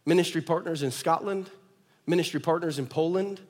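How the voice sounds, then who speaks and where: A pastor preaching a sermon, shifting between loud emphatic declarations and soft quiet asides. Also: male voice, fairly high pitch, fairly quick, big-room sound. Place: church auditorium.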